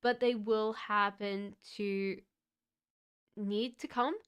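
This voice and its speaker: A woman giving a live-streamed tarot card reading, speaking gently and haltingly with many fillers. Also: mid-range voice, steady tone, smooth. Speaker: tarot reader.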